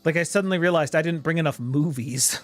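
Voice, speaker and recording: Brief: lively male streamer, slightly high voice, animated storyteller, faint music behind. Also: quick pace. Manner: animated storyteller, voices the people in his tale. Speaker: streamer host. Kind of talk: casual anecdote on a game stream.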